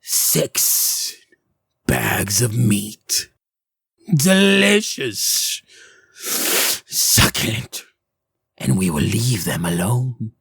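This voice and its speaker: A man's voice: lowish voice, animated, extremely slow, creaky, long pauses, a bit bright, slightly rough, dry recording, exaggerated voice. A man voicing a sinister, hungry female hag who mocks and cackles in a sing-song way. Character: sinister hungry female hags, mocking and gleeful.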